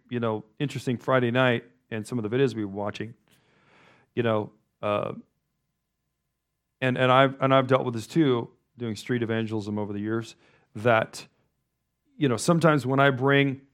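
A man's voice: medium pitch, measured pace, pauses often, smooth. A male pastor giving a loose, conversational sermon, wandering through asides and restarting his sentences often.

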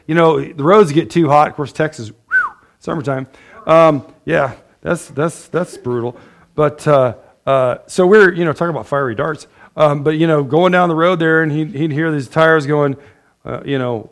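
A man's voice: on the high side, brisk. A man preaching a sermon, reading scripture and laughing often between points. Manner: lively, laughs often, loud bursts of praise. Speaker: pastor.

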